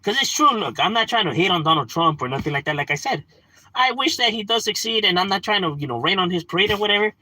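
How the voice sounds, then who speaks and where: A man's voice: high voice, animated, quick pace, pushed and bright, no room sound. A man ranting casually on a livestream, swearing, slangy and laughing often. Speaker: livestream host.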